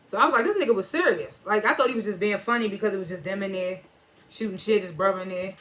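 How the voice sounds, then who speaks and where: A TV reviewer talks fast in AAVE, with a medium-pitched, fairly bright voice. They casually recap an episode in storytelling fashion, going through scenes line by line, quoting characters with "he was like," and chuckling and reacting at each twist.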